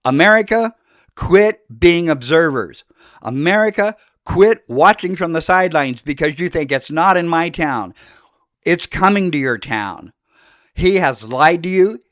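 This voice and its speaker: An older man delivers a fiery, accusatory monologue as a podcast host, his voice sitting a little high for a man. The sound is dry and close, with no room around it. He hammers each line as if calling someone out. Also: animated, measured pace, no echo. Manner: fiery, accusatory, shouting into speeches. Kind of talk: impassioned political monologue.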